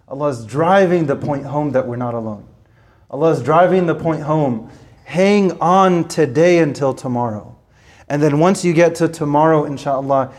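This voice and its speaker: A man's voice: on the high side, darkish tone. A man giving an earnest sermon, repeating phrases for emphasis and reciting scripture in Arabic. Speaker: Islamic preacher.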